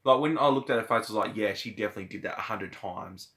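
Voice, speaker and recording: A man with a low voice talks through a film with his co-host. He keeps agreeing and fills his talk with "like" and loose restarts. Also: fast, fairly bright tone. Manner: agreeable, filler-heavy, says "like" a lot. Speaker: movie reviewer. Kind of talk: casual chat.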